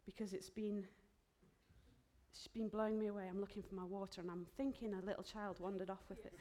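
A woman preaches a sermon in a church, her voice sitting at a medium pitch. She speaks in a heartfelt, emotional way and often drops into soft, whispered asides. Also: steady tone, brisk.

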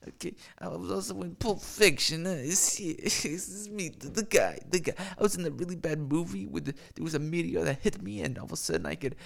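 A man's voice: a little high, brisk, gravelly, few pauses, voice pushed up. A man doing a comic impression of a boastful aging male movie star, bragging and giggling at himself. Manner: bragging, giggly, self-mocking. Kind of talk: comic impression while streaming.

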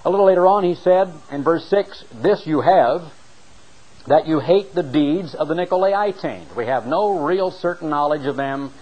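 A man preaching a sermon, reading scripture and explaining it with an emphatic, dramatic delivery that slows down for the readings. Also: lively intonation, low-quality recording. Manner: emphatic, dramatic delivery with sharp swings in pitch and loudness; slows down to read scripture aloud.

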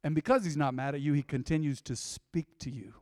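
Male pastor, fairly high voice, dry close sound, lively preaching that swells and hushes. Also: fairly quick, dry recording. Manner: animated, preaching with sudden loud swells and quiet drops. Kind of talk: sermon. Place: church.

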